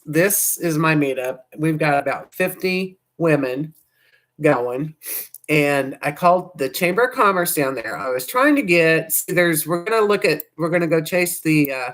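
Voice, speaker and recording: A woman hosts a casual livestream, chatting to viewers in a loose, rambling way. Her voice sounds hoarse, and her sentences often trail off and restart. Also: sits low, fairly bright tone. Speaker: livestream host.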